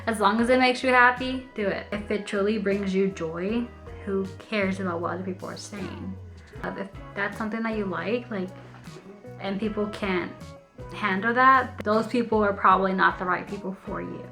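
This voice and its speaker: A woman's voice: mid-range voice, faint music behind. Candid young woman vlogger, heartfelt. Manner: open, heartfelt, chatty with frequent laughs; slows and softens when emotional. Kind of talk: candid personal vlog.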